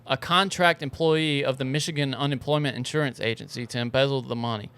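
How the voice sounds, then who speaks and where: A man's voice: medium pitch, steady tone, a little fast, a bit bright, smooth. A man co-hosting a podcast, easygoing and laughing often, reading news headlines aloud in casual chat.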